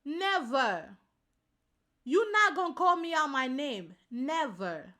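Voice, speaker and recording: A woman vlogger with a high, bright voice gives her views straight to camera. She talks in informal slang and hammers her points home by saying them again. Her tone stays pointed and forceful. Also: big pitch swings, takes it slowly. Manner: emphatic, repeats points for stress; slangy, informal address to viewers. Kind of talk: casual opinion commentary to camera.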